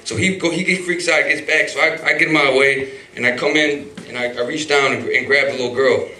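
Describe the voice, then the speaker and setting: Bright-voiced man telling a story live. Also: mid-range voice, steady tone, fast talker, a little hiss or hum. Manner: rambling, many restarts and fillers, profane. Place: live stage venue. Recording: roomy hall, mic far off.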